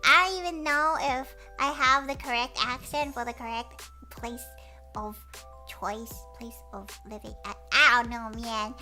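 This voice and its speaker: A woman streamer chatting casually with viewers in a cutesy voice, telling stories in an animated, giggly way and squealing when excited. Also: fairly high pitch, unhurried, soft background music. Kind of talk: casual chat.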